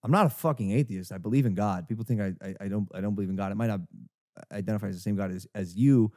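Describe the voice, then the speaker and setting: A man's voice: on the low side, very fast, mellow. A young man in his twenties hosting a podcast, telling a story in casual chat with lots of restarts and fillers. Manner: rambling, many restarts and fillers. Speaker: podcast host.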